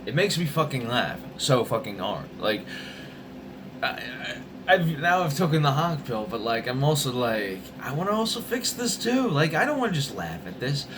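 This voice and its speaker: Young male vlogger, lively swearing rant, noisy vehicle sounds behind. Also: medium pitch, moderate pace. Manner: animated, swearing, jumps between topics. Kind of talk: profane rambling rant.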